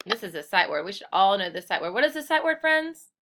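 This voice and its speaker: A woman's voice: mid-range voice, sing-song, fast, fairly bright tone, a little hiss or hum. A woman teaching a kindergarten class through a screen-recorded computer lesson. She speaks in a cheerful, encouraging way and calls the children friends.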